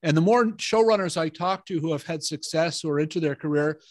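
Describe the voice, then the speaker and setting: A male journalist interviewing an actor, keeping his questions short and rushing against the clock. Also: a little high. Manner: hurried, apologetic about time, short prompts. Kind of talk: press interview.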